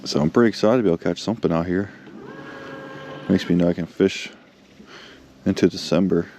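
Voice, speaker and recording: A man vlogging while fishing, chatting casually and getting excited, talking to the fish he catches. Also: deep voice, a little fast, slight background noise. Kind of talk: casual chat. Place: on a boat outdoors.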